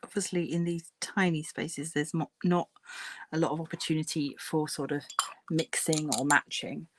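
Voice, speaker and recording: Chatty woman with a lowish voice. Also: steady tone, normal speed. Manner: chatty, many fillers, murmurs to herself while working. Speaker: craft livestream host. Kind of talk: casual chat while silk painting.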